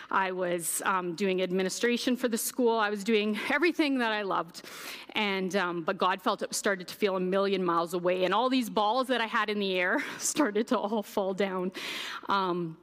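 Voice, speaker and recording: A woman's voice: mid-range voice, a bit bright. A young adult woman giving a candid personal testimony as a guest speaker, acting out her past words with animation. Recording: echoey hall reverb.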